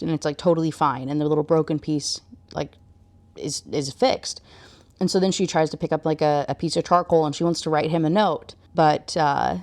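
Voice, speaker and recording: A woman's voice: deep voice, a little mellow. A woman and book reviewer recapping a novel in a casual, enthusiastic way, full of fillers.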